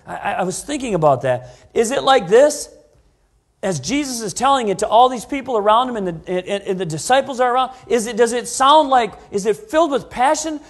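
Pastor guy preaching, gravelly and kinda husky, dramatic loud to quiet. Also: extremely high pitch, expressive, fairly quick. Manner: dramatic, shifting between loud and hushed preaching. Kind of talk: sermon. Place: church.

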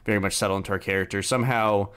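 A man's voice: on the low side, steady tone, rapid-fire, a bit bright, clean tone. A young man hosting a podcast, chatting casually and rambling through a story about his tabletop game character. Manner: rambling, filler-heavy storytelling. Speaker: podcast host.

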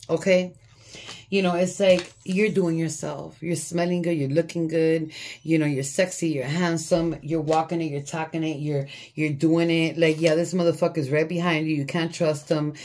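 A woman with a fairly low voice talks through a tarot spread in a loose, casual monologue. She is blunt and swears freely, laughing at what she sees in the cards. A faint hiss sits under her voice. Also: a little mellow. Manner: blunt, profane and laughing often. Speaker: tarot reader. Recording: faint background noise.

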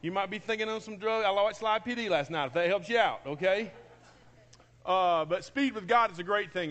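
A man's voice: high voice, moderate pace, fairly bright tone. A man, a pastor preaching a sermon in an enthusiastic, emotional way, often repeating his phrases. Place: church sanctuary.

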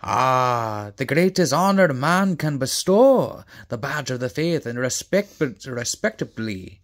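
A man voicing a dignified male Scottish terrier dog in a storybook reading, speaking grandly and a bit haltingly. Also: mid-range voice, sing-song. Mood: admiring.

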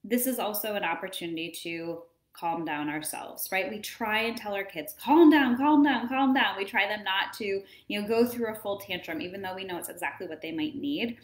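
A woman in her thirties talks through parenting advice in a relaxed, chatty way. Her pitch is mid-range, and she acts out little moments as she goes. The room around her gives the voice a clear echo. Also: fairly quick, hardly any pauses. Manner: chatty, animated, acts out scenes. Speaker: wellness coach. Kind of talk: casual advice talk.

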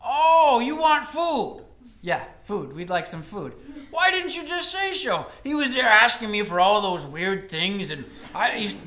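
A man playing a blunt, gruff old country shopkeeper who speaks loudly and deadpan, told live on a college stage in a roomy hall. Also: high-pitched, unhurried, full character voice. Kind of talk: live comic storytelling.

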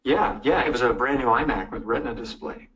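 A man's voice: mid-range voice, brisk, highs cut off, a crowd in the background, natural voice. An actor playing an earnest, frustrated male robbery victim in a comedy sketch. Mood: indignant. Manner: earnest, increasingly indignant.

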